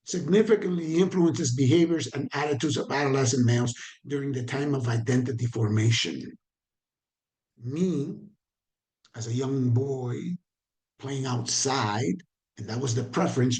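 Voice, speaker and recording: A man's voice: medium pitch, a little slow, darkish tone. A man giving a training lecture in a middle-range voice. He talks in a loose, conversational way and often checks in with his listeners. Now and then he trips over a repeated word.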